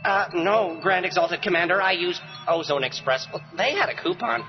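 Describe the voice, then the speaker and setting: A bumbling alien minion stammers apologies in a radio comedy ad. His high voice hangs in a long reverb. The sound is dull and lo-fi. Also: animated, moderate pace, soft background music. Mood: timid. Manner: hesitant, apologetic mumbling.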